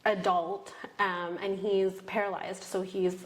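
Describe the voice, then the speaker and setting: A woman co-hosting a podcast, telling a story in an animated, giggly way. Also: mid-range voice, takes it slowly. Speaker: podcast co-host. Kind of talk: casual group chat. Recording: noisy room.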